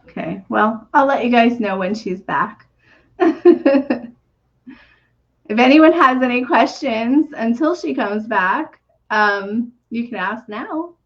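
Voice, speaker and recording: A woman hosting a live numerology reading, talking gently and earnestly with soft fillers and small laughs. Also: fairly high pitch, slow, pauses often. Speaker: numerology reader and podcast host. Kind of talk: live reading on a video call. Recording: dull lo-fi stream audio.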